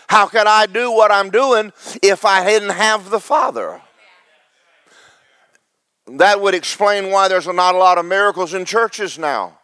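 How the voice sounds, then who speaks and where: A man, pastor of a church, preaching a sermon with big swings between loud, fervent highs and low, joking asides to the congregation. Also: animated, moderate pace, dry recording. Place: church sanctuary.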